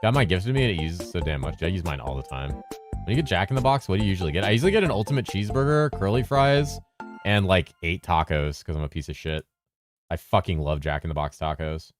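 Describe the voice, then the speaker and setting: A man with a very deep voice, chatting casually on a game stream, reading messages from chat aloud and answering them with casual swearing. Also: over music. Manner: lively presenter inflection at times, drops into a flatter low voice at other times; talks fast to keep up with chat.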